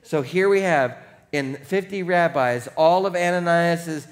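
A male pastor delivering a sermon, with a voice pitched higher than most men. He tells the story playfully and animatedly, slipping into quick mock voices for the people in it. He preaches to a gathered congregation in a church.

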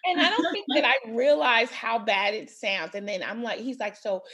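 A woman in her thirties chatting casually, telling stories in an animated way and laughing through her words. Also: fairly high pitch, moderate pace, a loud crowd. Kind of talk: casual chat.

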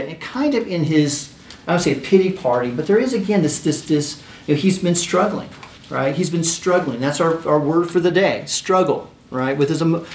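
A man's voice: on the high side, reverberant. A man preaching a sermon, reading scripture aloud and talking it over in a conversational way, with frequent "right?" asides and restarts.

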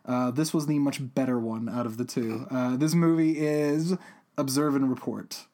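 A man's voice: mid-range voice, steady tone, normal speed, dark tone. A man from New Mexico hosting a film podcast, talking in a rambling, casual way with lots of restarts. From New Mexico, USA. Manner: rambling, with many restarts and fillers. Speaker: podcast host.

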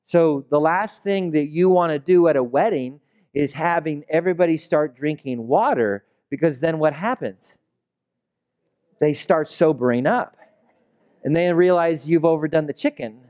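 A man's voice: fairly high pitch, a little mellow. A man preaching a casual, chatty sermon, telling stories and asking the congregation questions. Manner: storytelling, chatty, asks the room rhetorical questions. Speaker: pastor.

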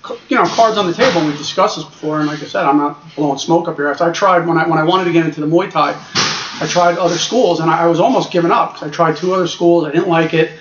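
Fast-talking man in his forties. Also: fairly high pitch, crowd noise. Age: 40s. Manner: fast, frank, repeats himself when starting. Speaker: guest, union iron worker. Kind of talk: casual interview chat. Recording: echoey and lo-fi with clear noise.

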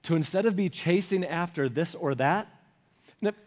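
Pastor, man, high-pitched, loose conversational preaching with frequent restarts. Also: normal speed, a little mellow. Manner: conversational, repeats and restarts words. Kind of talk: sermon.

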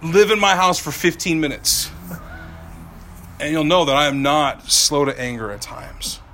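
Male pastor, thirties, high and bright voice, animated preaching, dips soft then climbs loud. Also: measured pace, a little hiss or hum. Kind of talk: sermon.

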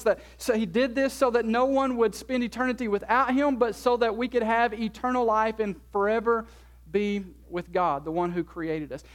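Man, pastor, sermon, high voice, encouraging, repeats himself. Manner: repeats words and phrases, earnest and encouraging.

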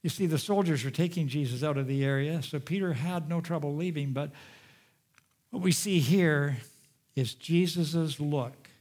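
A man preaching a sermon, retelling a scripture story with dramatic swings from raised, urgent delivery to hushed, quiet passages. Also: a little high, normal speed. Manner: dramatic storytelling, rising loud and dropping hushed.

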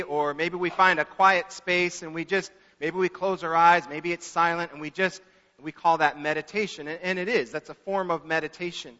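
A pastor preaching a sermon in an earnest manner, repeating words for emphasis. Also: male voice, on the high side, pushed and bright. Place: church sanctuary. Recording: echoey church hall, dull lo-fi.

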